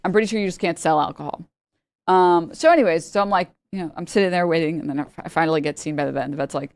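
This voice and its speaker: In a lowish, smooth and slightly mellow voice, a woman races through a rambling story on her livestream. She chats casually, laughs a lot and mimics the characters. There's no room sound.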